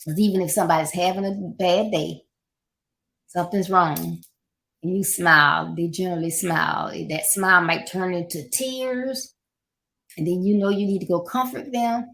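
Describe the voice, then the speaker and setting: Gravelly-voiced woman giving life advice. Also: on the low side, steady tone, moderate pace. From Florida, United States. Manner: warm, encouraging, repeats key points with little asides. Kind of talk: casual motivational talk.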